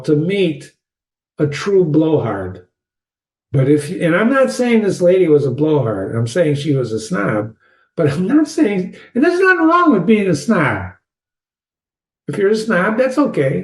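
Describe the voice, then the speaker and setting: A man hosting a literature channel, casually analyzing a short story with digressive anecdotes, wry asides and quick laughs. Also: fairly high pitch, darkish tone. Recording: echoey room.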